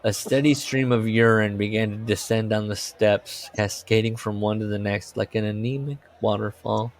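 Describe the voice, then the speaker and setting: Low-voiced man reading and chatting loosely. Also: steady tone, moderate pace. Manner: loose, swearing, reads passages aloud with voiced characters. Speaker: podcast co-host. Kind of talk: casual chat and reading aloud.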